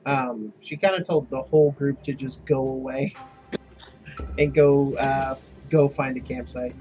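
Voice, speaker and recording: A man narrating as game master of a tabletop role-playing game, relaxed, with many fillers. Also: mid-range voice, unhurried, faint music behind, low-quality recording.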